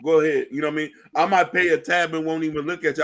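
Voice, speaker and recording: A man hosting a casual talk show, joking and animated, playing up mock fear. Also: fairly high pitch, rapid-fire. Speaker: show host.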